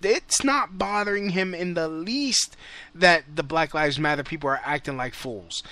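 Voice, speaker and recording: A man's voice: a little high, a little slow, bright, forceful tone, no room sound. A man hosting a call-in show, ranting bluntly in casual, profane talk. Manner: heated, blunt, swears a lot.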